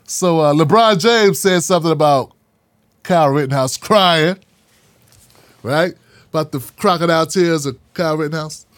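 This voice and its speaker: A man's voice: fairly high pitch, moderate pace, pauses often, no room sound. A man hosting a casual commentary monologue, talking in a sarcastic, mocking, slangy way. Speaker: political commentary host.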